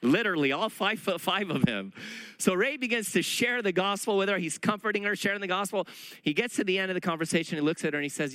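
Brief middle-aged man preaching, high bright voice, lively storyteller who acts out the dialogue, dry close sound. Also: quick pace, smooth, dry recording, rough recording. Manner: animated, acts out dialogue in his stories. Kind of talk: sermon storytelling.

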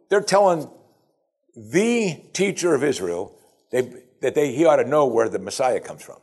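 A man preaching a sermon with a husky, slightly breathy voice. His pitch rises and falls freely as he explains scripture in a chatty, conversational way, and he slips into the voices of the people he quotes. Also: lively intonation, moderate pace, a little mellow. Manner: conversational, acts out quoted speakers.

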